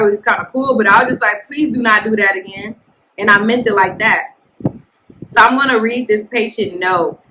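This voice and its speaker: A woman hosting a casual podcast, telling a work story in a blunt, animated way and talking straight to her listeners. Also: medium pitch, low-quality recording. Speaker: nurse podcast host. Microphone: podcast mic, filmed for video.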